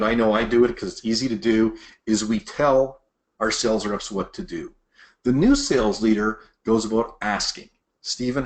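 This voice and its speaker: A middle-aged man teaching sales managers in a master class, acting out what bosses and reps say. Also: medium pitch. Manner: animated, acts out quoted bosses and reps. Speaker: sales leadership trainer. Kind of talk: presentation-style master class.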